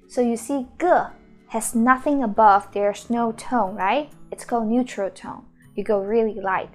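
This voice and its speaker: A woman, the founder and teacher of a Mandarin school, giving a beginner lesson and sounding out each syllable slowly and repeatedly. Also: a little high, faint music behind. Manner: slow, drawn-out model pronunciations with repeated syllables.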